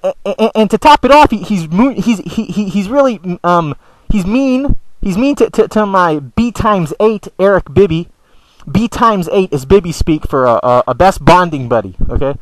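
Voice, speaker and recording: A man's voice: sits high, expressive, moderate pace, no echo, poor audio. A man ranting in a video blog, stammering and repeating words, swearing often, with an aggrieved, whiny tone. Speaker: video blogger. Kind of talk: ranting vlog monologue.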